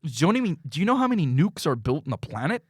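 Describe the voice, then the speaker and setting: A man co-hosting a podcast in casual chat, ranting and swinging between loud yelling and low mutters. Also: sing-song, racing, slightly rough, no echo, clean studio sound. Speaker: podcast co-host. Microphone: podcast mic.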